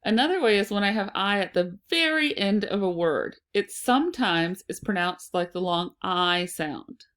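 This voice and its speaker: A woman teaching a phonics lesson to children, sounding out and repeating words slowly and deliberately. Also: medium pitch, animated, fairly bright tone.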